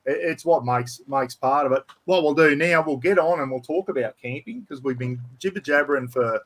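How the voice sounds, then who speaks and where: A man's voice: medium pitch, a little fast, fairly bright tone. A man hosting a casual camping chat over a video call, easygoing as he steers the talk along. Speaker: podcast host.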